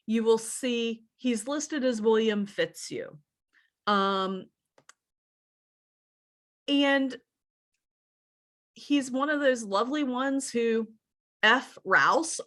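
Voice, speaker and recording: A woman with a fairly bright, higher-pitched voice leads a casual genealogy class. Originally from central Shenandoah Valley, Virginia, she talks in a chatty, hesitant manner and spells out names one letter after another.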